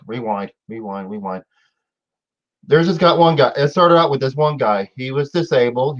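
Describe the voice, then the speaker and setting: A man hosts a casual live stream chat and tells his story in a rambling, halting way, often backing up to start again. His voice is mid-pitched and sounds dull and muffled, as if recorded on lo-fi gear. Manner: rambling, halting, many fillers and restarts. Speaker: host. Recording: dull lo-fi audio.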